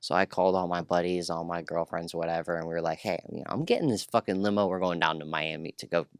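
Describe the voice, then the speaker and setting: A man telling his life story in a casual interview, profane and rambling, animated and full of restarts. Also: low voice, fast talker, clean tone, dry recording, studio quality. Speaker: podcast guest.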